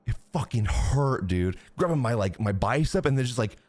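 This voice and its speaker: A man streaming live, telling chat a crude, animated story full of swearing. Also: medium pitch, normal speed, no echo.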